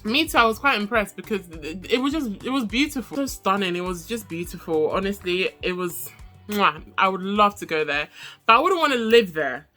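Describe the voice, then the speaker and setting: Woman, young, bright lively recap host, faint music under. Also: moderate pace. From Nigeria. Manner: animated, laughs often, mimics people in high voices. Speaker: reality show reviewer. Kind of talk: casual chatty recap vlog.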